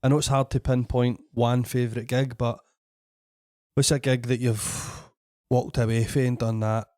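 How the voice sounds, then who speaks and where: A Scottish podcast host chats easily with a fellow comedian, keeping things relaxed and often agreeing along. His voice is at an ordinary pitch for a man. The recording is close and dry. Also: moderate pace, no room sound. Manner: laid-back, frequent "aye" backchannels. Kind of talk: casual podcast chat.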